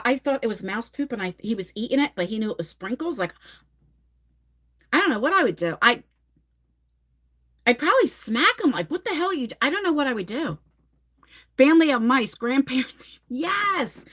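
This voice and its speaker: A woman's voice: on the high side, fairly bright tone. A woman in her forties chatting on a live stream, reading comments and telling stories dramatically, swearing casually. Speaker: livestream host.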